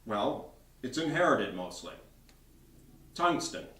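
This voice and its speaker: Man reading as loud, brash rich old man, lively pitch, echoey distant room. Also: takes it slowly, heavily acted. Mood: blustering. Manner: loud, blustering. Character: blustering wealthy older man, brash. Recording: roomy bookstore from far off.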